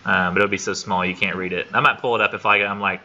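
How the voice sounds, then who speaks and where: Chatty man teaching, bright voice. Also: on the low side, fairly even intonation, fast, lo-fi sound, a little hiss or hum. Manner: chatty, rambling, self-deprecating. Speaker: college literature instructor. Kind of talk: casual classroom lecture. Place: classroom. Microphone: classroom computer camera for remote students.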